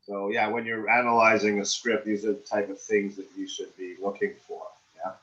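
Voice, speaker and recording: A man's voice: lowish voice, little pitch movement, normal speed, a bit bright, dull audio. A middle-aged man giving script feedback in an acting class, rambling and often checking in with "right?". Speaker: acting coach.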